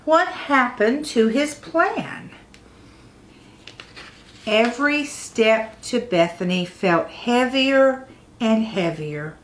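A woman reading a picture book aloud to children, expressive, with dramatic pauses. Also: fairly high pitch, slight background noise. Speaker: children's storyteller.

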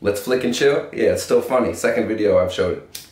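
A man's voice: lowish voice, fairly quick, darkish tone. A man giving a casual, joking, profane review, full of swearing and banter. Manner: brash, joking, swears a lot. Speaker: cannabis strain reviewer. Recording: echoey room with faint noise.

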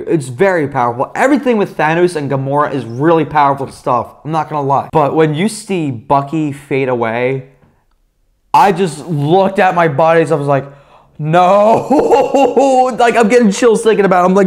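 A young man giving a casual, rambling movie review, excitable and swearing, with lots of fillers. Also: on the high side.

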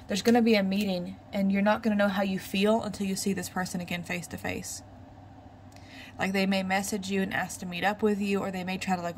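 A woman's voice: mid-range voice, slight background noise, low-quality recording. A woman giving a casual tarot reading, musing aloud and repeating her questions to the cards. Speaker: tarot reader.

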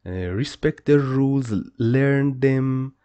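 A male language teacher who takes his time, speaking slowly and leaving long gaps between phrases. He gives each word more than once in a patient, explaining way. His voice is dark and mellow. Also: mid-range voice, clear, resonant tone, highs cut off. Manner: slow, repeats words, patient explaining. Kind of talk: pronunciation lesson.

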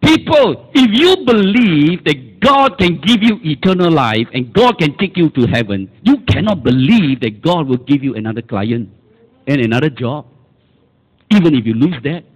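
A man's voice: a little high, sing-song, normal speed, slightly rough, low-quality recording. A man with a Malaysian English accent, preaching a sermon as pastor and calling the congregation for amens. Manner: emphatic, calls for amens and repetition.

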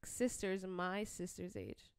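A woman's voice: lowish voice, very animated, takes it slowly, clean tone. A woman hosting a casual comedy podcast, telling stories loosely with swearing and laughter. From Philadelphia area. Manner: laid-back, swearing, laughing storyteller. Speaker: podcast host. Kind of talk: casual chat.

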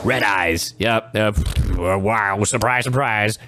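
A young man reacting to a video, sarcastic and profane, jumping between high mock-cheerful lines and low deadpan asides. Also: slow, very noisy. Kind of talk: casual reaction commentary.

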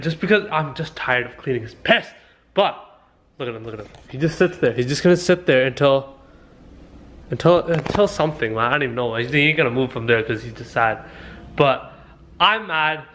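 A young man vlogging casually, excitable and swearing, switching to high baby talk with his dogs. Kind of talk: casual vlog talking to viewers and dogs.

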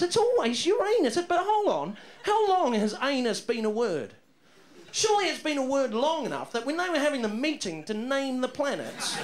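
A man doing a stand-up comedy set on a club stage, loud and excitable, swearing freely and working the crowd. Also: very high voice, background noise. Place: comedy club stage in front of a live audience. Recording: roomy club sound with crowd laughter.

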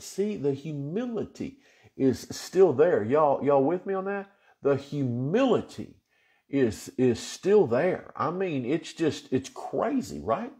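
A man leads a relaxed Bible study as pastor. His speech is slow and unhurried, with a voice that swings widely up and down. He sounds folksy and earnest, with plenty of easy fillers. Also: on the high side. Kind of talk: casual Bible study chat.

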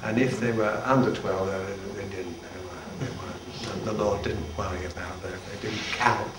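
A man's voice: fairly low pitch, steady tone, normal speed. An older man, a retired church leader, giving an informal, humorous devotional talk with chuckling asides to a band at practice. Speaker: retired Salvation Army general leading devotions. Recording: echoey, distant, noisy room recording.

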